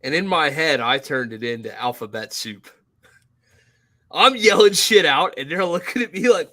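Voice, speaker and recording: Man, podcast co-host, higher bright voice, animated and swearing while telling stories. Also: moderate pace. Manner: animated, profane, acts out others with a shouting voice. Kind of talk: casual chat, storytelling.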